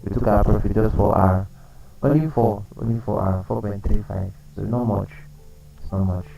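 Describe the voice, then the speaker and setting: A man's voice: lowish voice, vocal fry, warm tone, recorded from a distance, poor audio. A man running a live trading lesson, explaining chart setups, repeating key points and quizzing his viewers. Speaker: trading coach.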